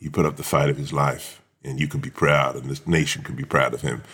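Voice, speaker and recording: A man voicing a solemn male military officer delivering news of a death, in a put-on American accent with a low, hushed, mock-solemn delivery. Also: flat delivery, fairly quick.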